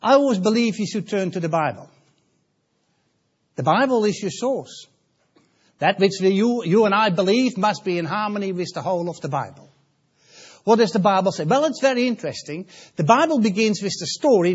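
A man's voice: sits high, animated, moderate pace, pauses often, slightly rough. A man preaching a sermon, emphatic, repeating key words and putting questions to his listeners. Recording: dull lo-fi sound.

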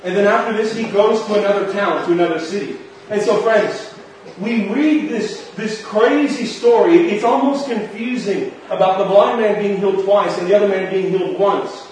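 A man's voice: sits high, normal speed, a little mellow, a little hiss or hum. A man preaching a sermon, reading scripture aloud and then explaining it to the listeners, whom he calls friends. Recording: very echoey room heard from a distance.

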